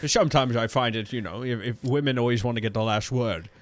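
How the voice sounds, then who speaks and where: A man putting on a clumsy, thick Scottish accent to play a gruff older film star. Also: medium pitch, quick pace, no echo, voice pushed down, lightly acted. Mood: jokey. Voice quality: thick burry mock-Scottish put-on. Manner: clumsy, self-admittedly bad impression.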